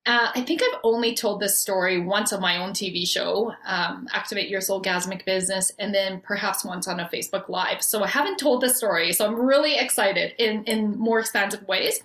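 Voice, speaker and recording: A woman in her forties from Canada, telling her story as a podcast guest in a bubbly, animated way and laughing often. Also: mid-range voice, fairly quick, hardly any pauses. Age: 40s. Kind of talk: storytelling in conversation. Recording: roomy echo.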